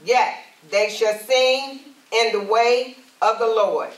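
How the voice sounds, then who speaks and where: Slow and steady in tone, this Alabama evangelist's voice sits on the high side as she delivers a sermon and prayer. She calls out to the congregation, rising and emphatic, captured in a roomy recording far from the mic.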